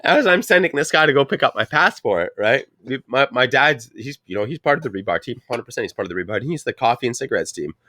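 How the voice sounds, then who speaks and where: A man's voice: medium pitch, lively intonation, quick pace, few pauses, no echo, clean studio sound. Stoned Canadian guy rambling a story. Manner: rambling storyteller, heavy swearing, loud put-on voices for quoted people. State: high on weed. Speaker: podcast co-host. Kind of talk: casual chat.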